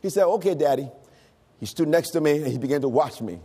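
A middle-aged male pastor preaching a sermon, breaking into shouts and sung, rising phrases. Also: on the high side, lively intonation, fast, breathy edge. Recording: long hall reverb.

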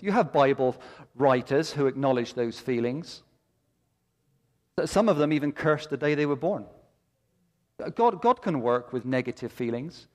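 A man's voice: medium pitch, expressive, moderate pace, long pauses, darkish tone. A middle-aged male pastor preaching a sermon with impassioned, emphatic delivery and repeated phrases that build to peaks. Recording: long hall reverb.

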